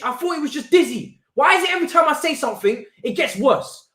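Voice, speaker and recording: A man's voice: very high-pitched, lively intonation, fast talker, sharp tone. A man hosting a live football watch-along, ranting in exasperated slang. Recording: roomy echo.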